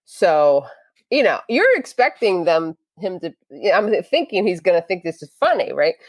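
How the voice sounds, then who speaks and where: Low-voiced woman telling a lively story. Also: normal speed, no echo. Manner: lively storyteller acting out quotes. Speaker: podcast guest. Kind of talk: casual storytelling interview.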